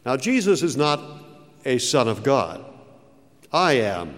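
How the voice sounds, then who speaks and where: Slow, emphatic preacher man in a reverberant hall. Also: big pitch swings. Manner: slow, emphatic preaching with dramatic pitch swings. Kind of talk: sermon.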